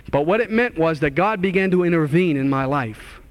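High-voiced, fervent preaching man. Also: fairly quick, few pauses, a bit bright. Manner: impassioned, acts out dialogue in a raised voice; earnest and exhorting. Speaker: minister giving his testimony. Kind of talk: testimony sermon to a live audience.

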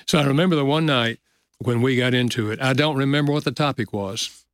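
An older man, a guest author, telling a personal story in an earnest, measured way in a casual conversation. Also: medium pitch, dry recording, studio quality.

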